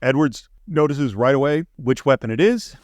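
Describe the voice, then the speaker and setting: A man's voice: medium pitch, lively intonation, moderate pace, a little mellow, soft background music. A middle-aged man co-hosting a podcast, enthusiastically recapping a movie scene by scene in casual chat. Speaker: podcast co-host. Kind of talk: casual film discussion.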